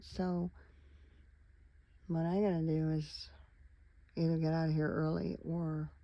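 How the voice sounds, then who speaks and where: A tired middle-aged woman with a low, dark-toned voice vlogs from inside her parked van at night, yawning as she rambles casually and wanders from topic to topic while talking straight to her viewers. The recording is low quality with no echo.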